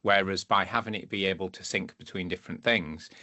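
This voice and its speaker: A man's voice: deep voice, steady tone, a little fast, sharp tone, no room sound. A man co-hosting a tech podcast, thinking aloud as he weighs convenience against security. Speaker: podcast co-host. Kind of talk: casual tech discussion.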